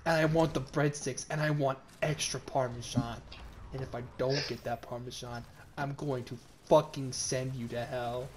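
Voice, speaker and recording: A man's voice: medium pitch, steady tone, normal speed, crowd noise, close to an everyday voice. A man playing an unhinged, obsessive middle-aged dad who makes intense threats. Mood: menacing.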